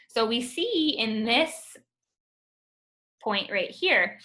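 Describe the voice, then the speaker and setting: A woman with a bright, forward voice teaches a phonics lesson over a video call. She talks at an unhurried pace and stretches each word out patiently so her students can follow along. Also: a little high, lively intonation. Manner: patient, drawn-out sounding of words.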